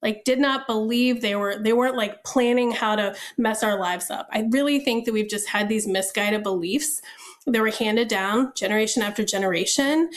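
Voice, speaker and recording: A woman speaking frankly and emphatically as a guest on a casual podcast about parenting. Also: a little high.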